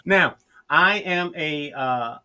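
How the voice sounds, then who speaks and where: Interview guest: middle-aged southern man, bright tone, laid-back storytelling pace. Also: fairly high pitch, lively intonation, clear, resonant tone. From Georgia, US. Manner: unhurried storyteller with frequent restarts. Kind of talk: casual interview chat.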